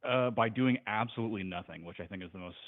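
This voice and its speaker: Brief: male caller, relaxed and rambling, lowish voice, phone-quality audio. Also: fast, dry recording. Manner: rambling, laid-back, many fillers. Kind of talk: casual call-in chat. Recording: tinny phone line.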